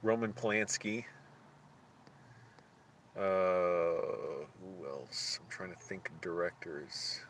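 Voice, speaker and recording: Low-voiced man thinking aloud. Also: steady tone, fairly bright tone, a little hiss or hum. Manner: thinking aloud, halting and searching for names. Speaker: streamer. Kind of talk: casual live-stream chat.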